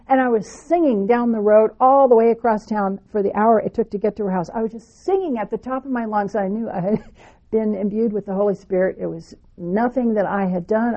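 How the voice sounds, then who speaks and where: A woman telling a spiritual personal story in an animated, expressive way, with sweeping phrases. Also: mid-range voice, dull audio.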